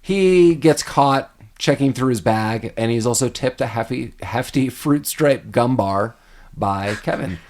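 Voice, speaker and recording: Animated man hosting a movie podcast. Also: mid-range voice, unhurried. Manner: animated, acts out scenes in quoted voices. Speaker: podcast host. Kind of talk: casual movie-review chat.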